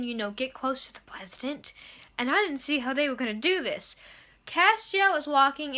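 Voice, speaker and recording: A woman's voice: high-pitched, sharp tone. A young woman reviewing a TV episode in a casual, gushing monologue, swearing and acting out her own reactions as she talks.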